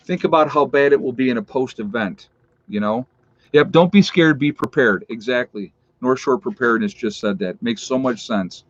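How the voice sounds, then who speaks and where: A man's voice: medium pitch, lively intonation, moderate pace, no echo. A man hosting a casual livestream. He reads out where his viewers are tuning in from, then earnestly urges them to get ready. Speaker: livestream host. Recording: dull lo-fi stream audio.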